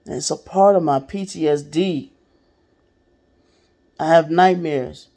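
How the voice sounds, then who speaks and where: A woman's voice: deep voice, takes it slowly. Woman, vlogger, casual storytelling, blunt, cursing freely. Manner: blunt, profane, animated storytelling. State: sick.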